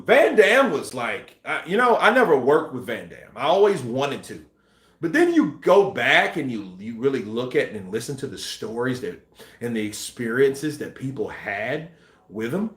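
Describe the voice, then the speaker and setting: A man hosting a boxing news channel, chatting casually and acting out scenes with shouts and sound effects. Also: mid-range voice, sing-song, a little slow, reverberant. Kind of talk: casual live-stream chat.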